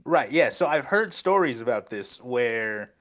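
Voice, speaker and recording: Male co-host, loose rambling delivery, frequent laughs, average pitch. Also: animated, unhurried, fairly bright tone. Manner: rambling, hedging, laughs often. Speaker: podcast co-host. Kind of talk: casual podcast chat.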